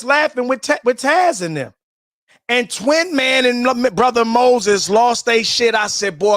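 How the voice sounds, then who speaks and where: High, bright-voiced profane ranting man. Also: dry recording, clean studio sound. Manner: preachy, profane, repeats himself. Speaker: commentary streamer.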